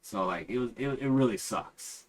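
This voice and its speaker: A man's voice: lowish voice, moderate pace. Casual swearing podcast guest, man. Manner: relaxed, swears freely, animated when retelling.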